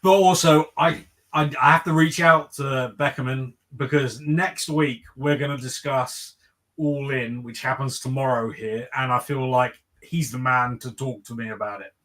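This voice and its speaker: An Englishman co-hosting a live comics show, chatting casually in a halting way, stammering and restarting, with self-deprecating humor. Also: mid-range voice, fairly even intonation, a bit bright. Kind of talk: casual chat on a livestream.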